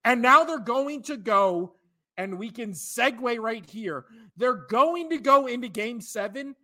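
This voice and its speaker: Ranting podcast guy, high bright voice, swearing nonstop at his team. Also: expressive, unhurried. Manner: profane, shouting, exasperated ranting. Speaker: podcast co-host. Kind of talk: sports rant.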